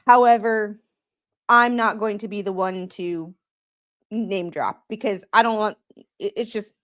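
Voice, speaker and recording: A woman's voice: mid-range voice, fairly even intonation, unhurried. A woman from Wisconsin with a Wisconsin accent, chatting casually with viewers on a live stream and chuckling as she reacts. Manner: chatty, chuckles often, talks straight to viewers. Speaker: streamer reacting to body cam footage.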